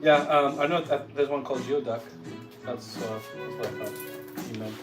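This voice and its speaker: A man from San Diego co-hosting a casual cooking livestream, giving short laid-back replies and shout-outs to viewers. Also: medium pitch, normal speed. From San Diego, California, USA. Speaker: livestream co-host. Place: home kitchen. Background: background music.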